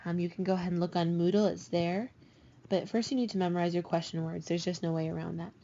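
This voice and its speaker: A woman teaching a recorded language lesson, patiently explaining and slowing down to spell out each example. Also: fairly low pitch, fairly even intonation, warm tone, slight background noise. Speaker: Spanish teacher. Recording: dull lo-fi recording.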